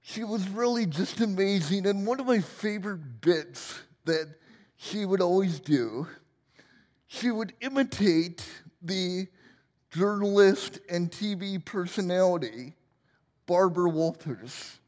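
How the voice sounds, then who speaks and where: A man's voice: sits high, lively intonation, takes it slowly, a little mellow, in a large hall. A man in his forties preaching a sermon as pastor, playful and joking at his own expense. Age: 40s. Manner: playful, self-deprecating humor.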